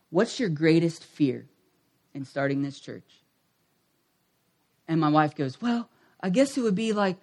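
A middle-aged male pastor telling a personal story in a sermon, acting out the voices of people in it. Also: sits high. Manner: animated, acts out quoted voices.

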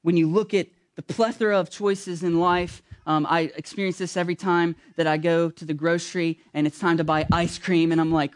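High-voiced pastor preaching conversationally. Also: male voice, level tone. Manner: casual, joking, addresses congregation directly; slow, emphatic when stressing key words. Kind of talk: sermon.

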